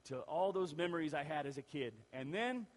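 A man's voice: a little high, fairly quick. Man preaching in a reverberant church hall. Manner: animated storyteller acting out quoted voices. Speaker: pastor. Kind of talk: storytelling sermon.

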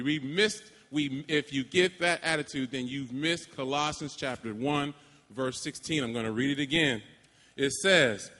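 Bright-voiced male preacher in a hall. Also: high-pitched. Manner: emphatic, dramatic pauses, call-and-response. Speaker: preacher addressing graduates. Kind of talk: sermon. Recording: long hall reverb.

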